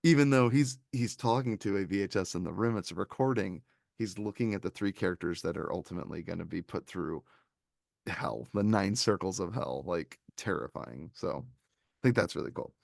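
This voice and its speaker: Gravelly-voiced man, animated film chat. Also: low-pitched, normal speed, dry recording, studio quality. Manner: animated, quoting scenes in little put-on voices. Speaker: podcast co-host reviewing films. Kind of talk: casual chat.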